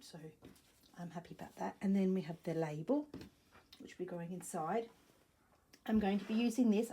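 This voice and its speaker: A woman's voice: medium pitch, warm tone. A woman chatting and thinking aloud in a casual crafting vlog at home, rambling and correcting herself as she goes. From Australia. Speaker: sewing crafter. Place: home room with a wooden floor. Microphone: camera set up nearby.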